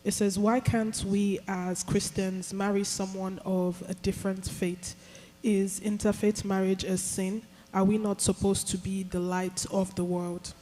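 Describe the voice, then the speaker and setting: A woman acting as moderator, reading audience questions aloud in a soft, measured way. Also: mid-range voice, flat delivery. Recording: distant voice with long hall reverb.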